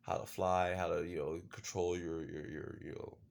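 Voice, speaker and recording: A man's voice: deep voice, level tone, moderate pace, creaky. A man casually recapping a show episode, rambling with lots of fillers and the odd swear word. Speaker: show reviewer.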